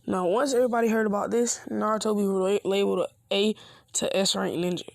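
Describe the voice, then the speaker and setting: A man narrating an improvised fan story with a gravelly, creaky edge. He talks loosely and slangily, with the odd restart, and the sound is close and dry with no room around it. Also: sits high, steady tone, fast talker, no echo.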